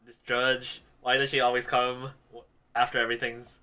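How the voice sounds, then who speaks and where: A man co-hosting a podcast in relaxed, speculative casual chat. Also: mid-range voice, normal speed. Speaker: podcast co-host.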